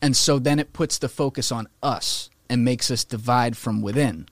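Man, casual podcast talk, opinionated, animated, mid pitch, dry close sound. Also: moderate pace, dry recording. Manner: animated, opinionated, swearing, putting on mocking voices for quotes.

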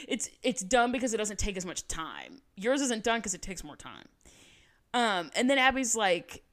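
A woman's voice: mid-range voice, expressive, normal speed, fairly bright tone. A woman co-hosting a casual podcast, retelling scenes in a chatty, dramatic way with quoted voices. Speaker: podcast co-host. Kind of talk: casual recap chat.

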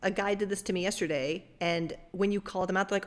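A woman sports journalist in casual panel chat, emphatic and quick with quips. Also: mid-range voice, steady tone.

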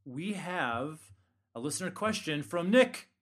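A man's voice: fairly high pitch, lively intonation, measured pace, fairly bright tone. A man hosting a casual podcast chat, joking with co-hosts and giving frank, tough-love advice. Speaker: podcast host.

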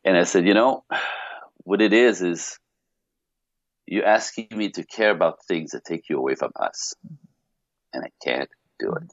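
Man, very low voice, dry muffled lo-fi sound, animated storytelling, lots of restarts. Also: normal speed, pauses often, dry recording. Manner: animated, full of restarts and rhetorical questions. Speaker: podcast guest. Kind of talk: personal storytelling.

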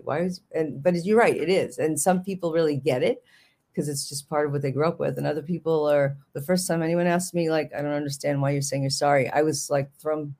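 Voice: mid-range voice, fairly even intonation, fairly quick, darkish tone. An author from New York talking casually in an interview, rambling, restarting sentences often and joking along the way. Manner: rambling, self-interrupting, jokey. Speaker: author guest.

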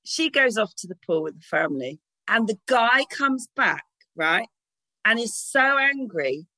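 A woman's voice: on the high side, sharp tone, dry recording, poor audio. A woman, a guest telling candid, sweary stories in casual chat and laughing often.

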